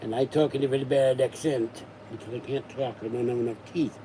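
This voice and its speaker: Comic bit: man doing a mad toothless French killer, slow and hammy, soft dark voice. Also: mid-range voice, fairly even intonation, slight background noise, lightly acted. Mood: rambling. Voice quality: gummy, lisping from no teeth. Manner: slow, mock bad French accent.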